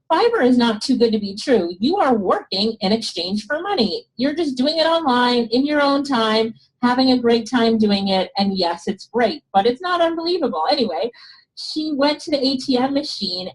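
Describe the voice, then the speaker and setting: A woman teaching an online business class in a live webinar, chatty and excited, laughing often and losing her voice. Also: high voice, low-quality recording.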